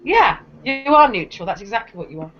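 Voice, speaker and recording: A woman's voice: mid-range voice, big pitch swings, brisk. A woman hosting a casual livestream chat, chatty, laughing often and restarting her sentences. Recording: dull lo-fi stream audio.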